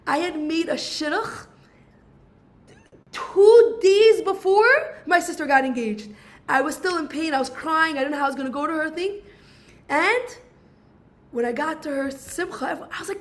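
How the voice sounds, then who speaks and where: A woman giving an emotional, animated personal testimony over a video call, acting out the people she quotes. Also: sits high, brisk. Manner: emotional, animated storytelling, acts out quoted dialogue. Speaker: guest speaker sharing her story.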